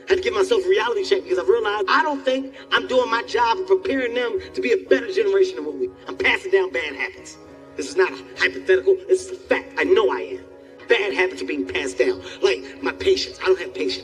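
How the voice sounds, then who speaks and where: A man in his forties performing a stand-up comedy routine, telling loud, animated stories with sudden shouted outbursts. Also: high voice, fast talker, far from the mic, faint music behind. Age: 40s. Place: live comedy stage.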